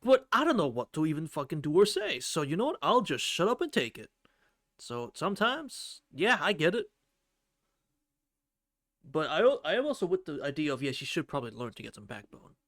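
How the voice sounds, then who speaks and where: A man's voice: fairly high pitch, very animated, fairly quick, fairly bright tone, no echo, clean studio sound. A man live-streaming a game, reading its text aloud and chatting, swearing freely. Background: game music.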